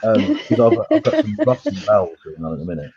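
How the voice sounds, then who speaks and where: A man with a dark, husky voice talks bluntly and sarcastically, swearing freely. His pitch moves a lot, and the call audio sounds dull and lo-fi. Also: wildly swooping pitch, fast talker. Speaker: guest. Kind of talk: casual chat.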